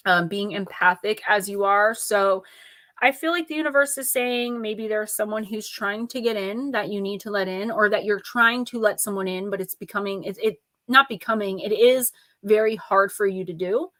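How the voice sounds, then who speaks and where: A woman's voice: medium pitch, fairly bright tone, no echo. A woman giving blunt, playful oracle card readings to viewers on a live stream, reading their names out in lists. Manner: blunt, playful, lightly profane.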